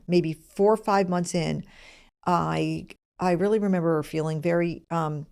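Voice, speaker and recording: Low gravelly middle aged lady, candid chatty host telling her story. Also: a little mellow. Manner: candid and self-deprecating, with frequent fillers. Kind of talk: personal storytelling monologue.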